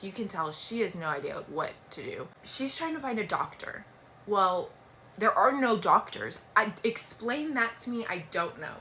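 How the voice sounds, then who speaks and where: A young woman telling a dramatic personal story in a casual storytime, animated and swearing freely. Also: mid-range voice, slight background noise.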